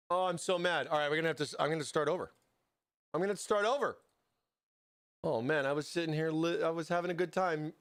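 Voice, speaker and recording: A man's voice: a little high, quick pace, fairly bright tone, soft background music. An American man hosting a casual live stream, chatting with viewers while he builds a PC, often breaking off mid-sentence to answer chat. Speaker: livestream host building a PC.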